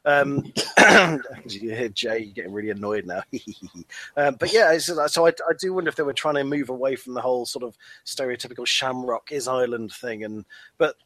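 A man's voice: medium pitch, moderate pace, pushed and bright, no room sound. A man co-hosting a casual podcast, rambling and jokey with many restarts and fillers. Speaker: podcast co-host.

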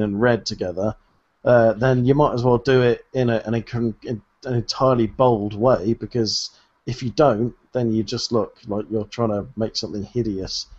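A man's voice: mid-range voice, a little mellow. Jokey man rambling on a podcast. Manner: jokey and rambling, laughs between points. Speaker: podcast co-host. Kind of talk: casual chat. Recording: dull lo-fi sound.

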